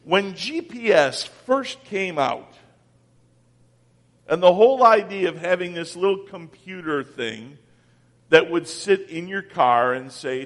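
A man preaching a sermon as pastor, swinging from loud calls down to near-whispers. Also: high-pitched, expressive, slow pace, long reverb tail.

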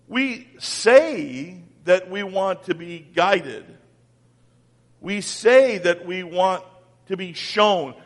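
A man preaching a sermon as pastor, swinging from loud calls down to near-whispers. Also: high voice, animated, drawn-out words, in a large hall.

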